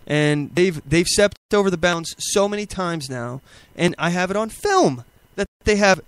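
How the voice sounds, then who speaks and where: A man hosting a show on a close, dry mic talks through video clips. He rambles with lots of fillers and restarts and stays indignant throughout. His voice sits fairly high for a man. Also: lively intonation, unhurried, smooth, no room sound. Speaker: podcast host. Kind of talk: casual commentary over video clips.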